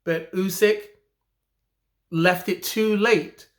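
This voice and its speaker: An English boxing commentary vlogger rants indignantly about a fight result, repeating his points in heated frustration. His high-pitched voice holds a steady tone and moves extremely slowly.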